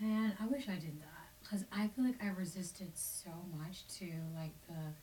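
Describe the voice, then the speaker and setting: A soft-spoken woman interviewer sharing her own grief reflectively, often dropping to a near whisper. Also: medium pitch, moderate pace. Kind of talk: reflective conversation about grief. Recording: distant mic with faint hiss.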